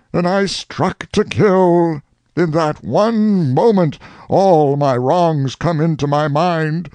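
A man's voice: sits high, dry recording, full character voice. A man playing an anguished old farmer confessing. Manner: raging, pleading, drawn-out words. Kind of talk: audiobook reading.

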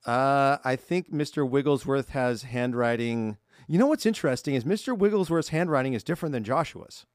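A man's voice: medium pitch, animated, a little fast, no room sound, clean studio sound. Upbeat man co-hosting a podcast. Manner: chatty, upbeat, reads fan mail aloud. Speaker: podcast co-host. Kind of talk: casual podcast chat. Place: podcast studio.

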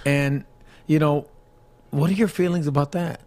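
High-voiced male sports co-host. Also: moderate pace. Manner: excitable, laughing banter. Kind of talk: casual sports talk.

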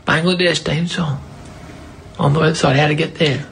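A man putting on a blunt, irritable Australian cricket coach who grumbles and swears his way through a complaint, mate after mate. The voice sits a bit high for a man, and a faint hum of background noise runs under the recording. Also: steady tone, normal speed, gravelly, a bit bright. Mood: gruff complaining. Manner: mocking, calls everyone mate, swears.

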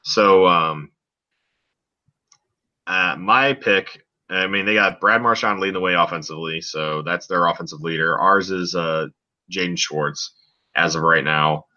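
A man's voice: low-pitched, unhurried, sharp tone, highs cut off. A man co-hosting a casual sports podcast, chatting loosely with lots of fillers. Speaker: podcast co-host.

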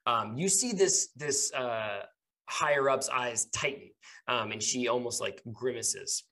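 Halting game master man. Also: medium pitch, expressive, pushed and bright. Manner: halting, many ums and uhs. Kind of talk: narrating a tabletop game.

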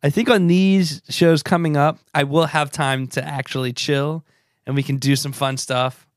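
A man's voice: mid-range voice, dry recording, clean studio sound. A man, co-hosting a podcast in casual, rambling chat, trailing off and restarting his sentences. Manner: laid-back, rambling, many restarts. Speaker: podcast co-host, touring musician.

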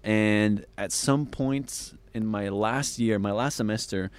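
A young man from France, a podcast guest telling stories in a loose, lively way and acting out what people said. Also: lowish voice, takes it slowly, smooth. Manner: animated storyteller, acts out quoted voices. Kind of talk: casual storytelling.

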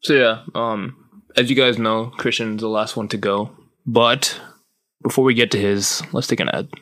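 Casual male podcast host, relaxed and easy-laughing. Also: on the low side, moderate pace. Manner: laid-back, laughs easily. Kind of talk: casual chat.

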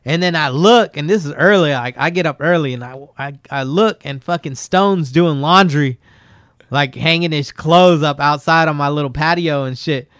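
A man casually telling profane, laughing stories about a friend in a relaxed chat. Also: fairly high pitch, moderate pace, dry recording, clean studio sound. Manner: laid-back, profane, laughs through his stories.

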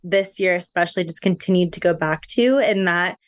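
A woman's voice: on the low side, brisk, no room sound. Earnest young woman opening up. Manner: earnest, reflective, faith-centred talk. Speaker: podcast guest. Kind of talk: candid personal interview.

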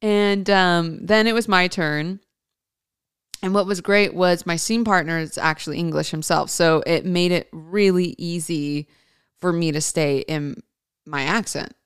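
A woman's voice: on the low side, measured pace, clean tone, no echo, clean studio sound. A woman actress chatting to her viewers in a casual storytelling vlog, talking freely and laughing often. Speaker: actress and vlogger.

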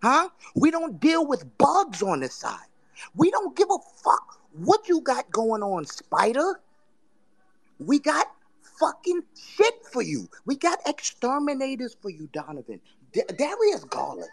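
A woman hosting a sports podcast, ranting in casual talk with profane, taunting trash talk that swings between loud jabs and low mutters. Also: huge pitch swings, a little slow, creaky, slightly rough. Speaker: podcast host.

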